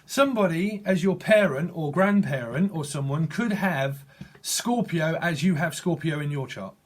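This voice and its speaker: A man giving a channeled psychic tarot reading, halting and restarting often as he speaks to the viewer. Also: a little high, lively intonation. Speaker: tarot reader.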